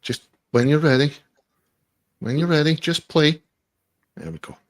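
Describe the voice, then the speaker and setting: A man's voice: fairly high pitch, big pitch swings, measured pace, no echo. Sweary man hosting a podcast. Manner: swears freely, chatty. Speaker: podcast host. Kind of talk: casual banter.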